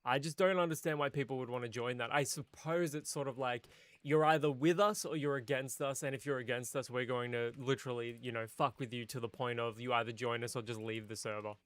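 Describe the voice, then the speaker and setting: A man hosting a casual voice-call chat, giving measured opinions with some hesitant restarts. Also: medium pitch, fairly even intonation, a bit bright, no room sound. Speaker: streamer host.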